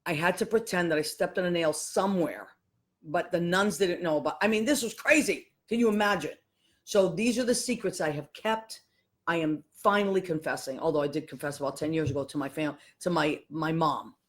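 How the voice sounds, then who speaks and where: Animated woman in her fifties. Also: on the low side, a little fast. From Boston, USA. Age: 50s. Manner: animated, acts out voices of people in her stories. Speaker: podcast host. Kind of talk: casual storytelling monologue.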